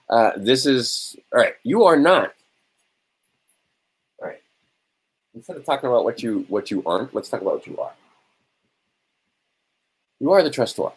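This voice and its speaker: A man with a medium-pitched, sing-song, slightly breathy voice gives an informal lecture to a small audience at normal speed, leaving long pauses. He poses rhetorical questions, answers them himself, and keeps checking in with "right?" The recording is low quality.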